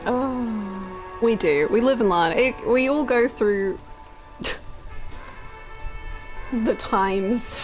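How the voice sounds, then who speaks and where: A chatty young woman streams a game from home, telling stories with plenty of laughter. Her voice sits a little high for a woman. Game music plays clearly behind her. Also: drawn-out words, long pauses. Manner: chatty, laughing, animated storytelling. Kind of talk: casual chat while playing a game.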